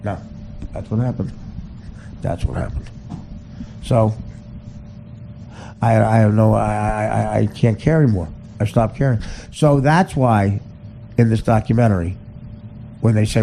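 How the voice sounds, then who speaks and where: A man ranting in a profane comic style, laughing at his own jokes and dropping to a hushed near-whisper when confessing. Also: on the low side, a little slow, creaky, pauses often, slight background noise, low-quality recording. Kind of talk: profane comedic rant.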